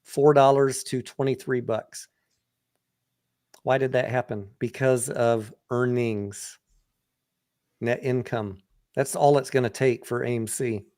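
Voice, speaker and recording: A man's voice: medium pitch, fairly even intonation, slow, pauses often, darkish tone. A man hosting a casual livestream and walking through a company's financials in a blunt, profane, conversational way. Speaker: livestream host and stock trader.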